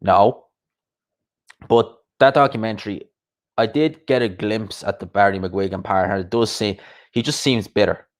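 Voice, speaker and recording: A man's voice: fairly low pitch, moderate pace. A man hosting a live boxing chat, rambling casually and answering viewers' comments.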